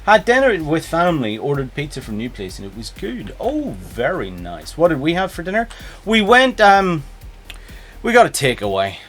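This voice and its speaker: A man's voice: on the high side, normal speed, soft background music. A man streaming a game, talking casually and jumping between topics with chat. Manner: animated, chatty, jumps between topics.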